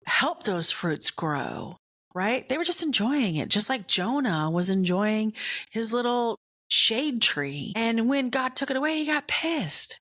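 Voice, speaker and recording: A woman podcast host telling a candid personal story, animated and blunt, with casual swearing and constant "right?" check-ins. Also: fairly high pitch, unhurried.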